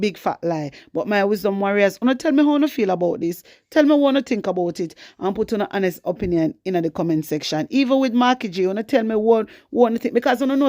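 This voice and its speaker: A woman's voice: medium pitch, darkish tone, dry recording, clean studio sound. A Jamaican woman hosting her own channel, ranting bluntly and fierily about politics, slipping into patois as she speaks to her viewers. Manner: blunt, fiery, switching into patois. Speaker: political commentary vlogger. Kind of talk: casual political rant to viewers.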